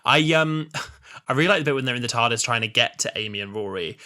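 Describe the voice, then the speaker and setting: A young man in his twenties chatting on a podcast with a very bright, forward tone. He sounds enthusiastic, laughs often and fills his talk with "like". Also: mid-range voice, fast. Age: 20s. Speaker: podcast co-host. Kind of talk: casual chat.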